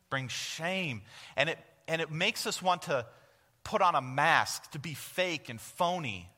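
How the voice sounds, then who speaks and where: A man's voice: fairly high pitch, pushed and bright. Earnest man preaching in a reverberant church. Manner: earnest, asks the congregation questions and answers them. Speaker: guest preacher. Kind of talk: sermon. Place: church sanctuary.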